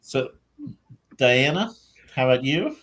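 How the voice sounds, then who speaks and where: A man moderating an author panel in a slow, easygoing way over a video call. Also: mid-range voice, animated, a bit bright. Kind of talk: casual panel chat.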